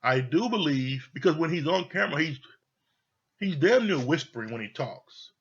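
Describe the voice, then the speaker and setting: A man talks through a reality show episode in a loose, opinionated way, swearing freely and circling back to the same points. His voice is slightly husky, and the recording sounds a little dull and lo-fi. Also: fairly high pitch, expressive, moderate pace, fairly bright tone. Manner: blunt, profane, repeats himself. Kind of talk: casual opinionated commentary. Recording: dull lo-fi audio.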